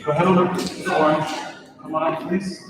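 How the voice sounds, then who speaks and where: A man, his voice a bit high for a man, reads out names one after another in an upbeat, directive way. He is heard from far across a large gym. His voice rings off the walls with a long, booming echo. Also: little pitch movement, a little fast, a crowd in the background. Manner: upbeat, directive, stumbles over names and apologizes. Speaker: school staff member running graduation rehearsal. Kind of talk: calling out names and giving instructions. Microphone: far from the speaker.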